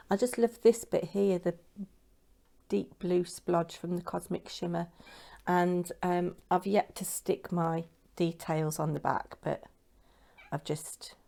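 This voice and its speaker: A middle-aged woman with a British accent talks casually to her camera from a home craft room, rambling from one handmade piece to the next. Her voice sits fairly low and has a gravelly, creaky edge to it. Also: dark tone. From United Kingdom. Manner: chatty and rambling, showing crafts. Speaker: craft vlogger.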